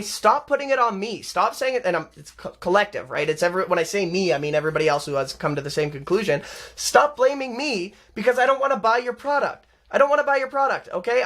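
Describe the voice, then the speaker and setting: A man's voice: high-pitched, a bit bright. A young adult man hosting a live-stream show, ranting in a heated, sarcastic, mocking way. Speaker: show host.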